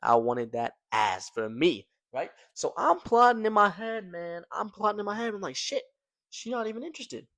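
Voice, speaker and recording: A man's voice: sits high, animated, moderate pace, hardly any pauses, bright, forceful tone, no room sound. A young man casually telling a personal story to his viewers, slangy and loose, tossing in "man" and "right?" as he goes. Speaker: storytelling vlogger.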